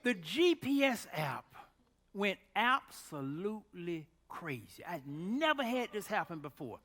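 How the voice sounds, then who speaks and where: A man preaching a storytelling sermon, animated, exclaiming loudly at times and dropping to a hush at others. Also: high-pitched, unhurried, big-room sound.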